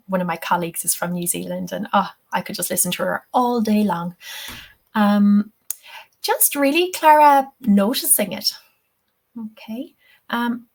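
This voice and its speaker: Chatty woman tutor thinking aloud. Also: mid-range voice. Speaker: English-teaching tutor. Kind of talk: live webinar Q&A.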